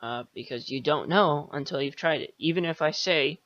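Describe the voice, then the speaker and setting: Male podcast host, bright tone, dull lo-fi sound, rambling sarcastic monologue. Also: a little high, normal speed, dry recording. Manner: meandering, sarcastic, swears casually, many fillers.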